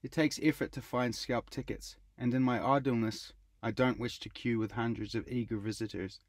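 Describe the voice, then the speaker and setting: A middle-aged man narrating his own travel writing in a measured, wry first-person reading. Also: medium pitch, steady tone, dry recording. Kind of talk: scripted audiobook narration.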